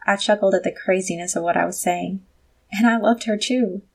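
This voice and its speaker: A woman reading a first-person novel aloud as an audiobook narrator, at a steady pace. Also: mid-range voice, fairly quick.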